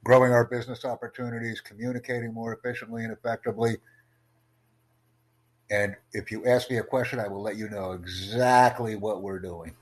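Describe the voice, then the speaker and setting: Calm, smooth-talking male streamer. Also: lowish voice, a little fast, poor audio. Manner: calm, smooth, promotional, unbothered. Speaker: streamer recording a voice chat. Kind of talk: casual live-stream chat.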